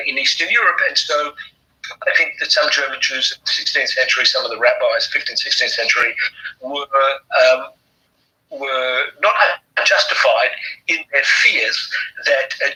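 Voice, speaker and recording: A man's voice: medium pitch, pushed and bright, poor audio. A man with an English accent, an author and historian talking at length in an interview, with many fillers and restarts. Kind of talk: conversational interview.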